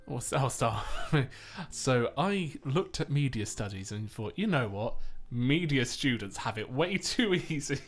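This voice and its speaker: Young guy, casual podcast co-host, jokey and self-deprecating, middle pitch. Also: big pitch swings, measured pace, few pauses. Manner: chatty, self-deprecating, laughs often.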